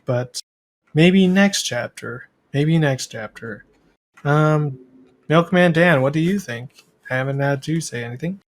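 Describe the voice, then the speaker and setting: Dude hosting a laid-back comic chat, kinda high voice, cusses a lot. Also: male voice, unhurried. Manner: swears, jokey, rambling. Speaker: podcast host. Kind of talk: casual chat about a webcomic.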